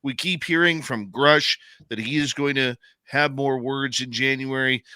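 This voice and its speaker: A man hosting a radio show, questioning his guest in a brisk, businesslike way. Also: medium pitch, pushed and bright, clear, resonant tone, dry recording. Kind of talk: radio interview.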